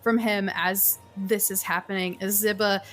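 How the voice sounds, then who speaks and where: A woman narrating a tabletop game as game master, lively and quick to laugh. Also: medium pitch, soft background music.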